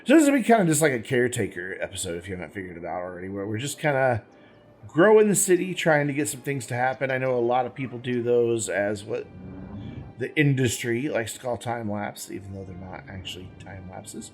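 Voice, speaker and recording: A very animated man of medium pitch talks a little fast over soft background music. As host of a gaming channel, he delivers loose let's-play commentary mid-game, thinking aloud, rambling and catching his own mistakes.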